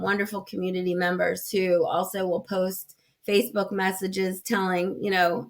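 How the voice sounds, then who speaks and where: A woman who runs a community foundation, talking as a podcast guest and explaining her programs earnestly with fillers and restarts. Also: lowish voice. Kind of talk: casual interview conversation.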